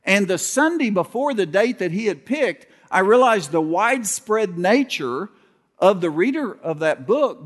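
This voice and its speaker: A man who is a pastor, preaching a sermon with folksy storytelling, humor, and some halting restarts. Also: sits high. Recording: long hall reverb.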